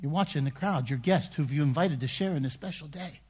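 A man preaching a sermon in a conversational way, dropping to hushed asides and rising to shouted emphasis. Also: a little high, fairly quick, husky, big-room sound. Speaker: pastor.

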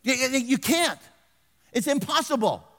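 An older man preaching a folksy sermon as pastor, swinging from loud exhortation to hushed asides and calling for amens. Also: very high voice, lively intonation, a little slow. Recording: long reverb of a large hall.

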